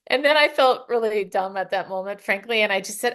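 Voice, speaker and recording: Guesting on a podcast, a middle-aged woman from the United States tells casual, animated stories at a moderate pace with hardly any pauses in her mid-range voice. She laughs a lot and acts out other people's lines.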